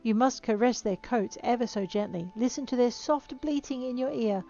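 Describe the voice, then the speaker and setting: A woman's voice: on the high side, normal speed, warm tone, lo-fi sound, soft background music, voice pushed up, close to an everyday voice. A woman reading out the lines of a gushing male farmer who dotes on his animals, in a theatrical, swooning way. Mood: doting.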